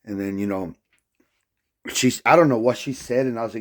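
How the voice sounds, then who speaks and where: A man's voice: on the low side, brisk. A man talking straight to camera in a casual vlog, telling a rambling story in an agitated way and swearing constantly. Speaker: vlogger.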